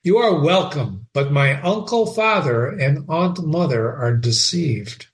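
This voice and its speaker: A man's voice: a little high, animated, takes it slowly. A man reading a wry brooding young prince.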